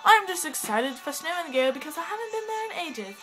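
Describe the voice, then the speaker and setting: A woman's voice: high voice, very animated, brisk, music in the background, rough recording. A woman rambling to her camera at home in a put-on English accent, bubbly and scattered, giggling and cutting herself off. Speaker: vlogger. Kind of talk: rambling casual vlog talk. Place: at home indoors, with a cat.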